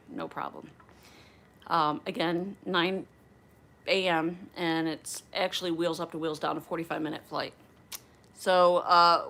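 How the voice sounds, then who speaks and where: Lowish-voiced woman host from outside Philadelphia, casual and animated storyteller. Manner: animated, acts out the dialogue. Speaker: flight attendant and channel host.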